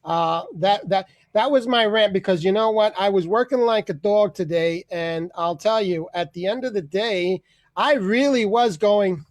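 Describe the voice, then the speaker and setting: A man hosting a comedy open mic over a video call, telling stories loudly, laughing often and acting out voices. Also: high-pitched, normal speed, no room sound. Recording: noisy video call audio.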